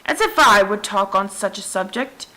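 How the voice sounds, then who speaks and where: A woman reading aloud, voicing a touchy little mouse with a shrill, trembling voice. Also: unhurried, gravelly, fairly bright tone, poor audio. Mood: outraged.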